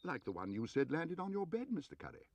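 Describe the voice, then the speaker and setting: A man's voice: fairly high pitch, huge pitch swings, fast, darkish tone, slight background noise, voice pushed up. Paddington, a man voicing the polite young bear. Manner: polite and earnest.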